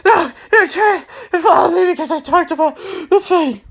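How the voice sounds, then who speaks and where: A woman's voice: extremely high pitch, moderate pace, pitched above the performer's own voice. A woman voicing a grumpy, evasive young male rival trainer in a whiny, raised voice during a playful recap.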